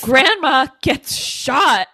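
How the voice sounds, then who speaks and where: Playful woman co-host, fairly high voice, casual plot recap, dry close mic. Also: expressive, extremely slow, pushed and bright, dry recording. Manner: playful and laughs easily, walks through plot beats. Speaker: podcast co-host. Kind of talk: casual chat recapping a horror film.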